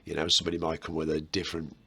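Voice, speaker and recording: A man's voice: rumbling low, monotone, very fast, creaky, bright, forceful tone, husky. A man with a Birmingham accent, hosting a history video and explaining old sayings in a chatty, rambling way with self-mocking asides. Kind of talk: casual history explainer to camera.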